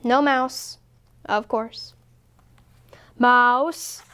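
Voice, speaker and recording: A woman reading a children's picture book aloud in a slow, expressive way. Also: high-pitched. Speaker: story reader. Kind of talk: storybook read-aloud.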